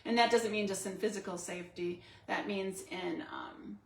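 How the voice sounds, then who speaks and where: A woman's voice: medium pitch, steady tone, normal speed, vocal fry, slight background noise. A woman co-hosting a casual talk show, chatting and laughing often as she tells stories. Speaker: co-host. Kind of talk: casual chat. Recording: echoey room.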